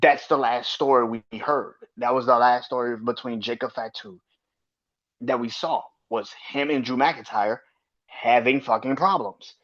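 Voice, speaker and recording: A man's voice: mid-range voice, measured pace, fairly bright tone. A man hosting a podcast, ranting bluntly and profanely about wrestling in casual, opinionated commentary. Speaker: podcast host. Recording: slightly dull lo-fi audio.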